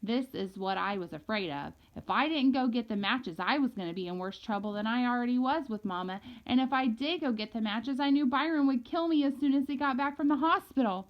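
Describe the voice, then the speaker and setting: A woman reading a first-person novel aloud in a lively, casual storytelling manner. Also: on the high side, brisk, hardly any pauses. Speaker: audiobook reader. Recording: dull lo-fi recording.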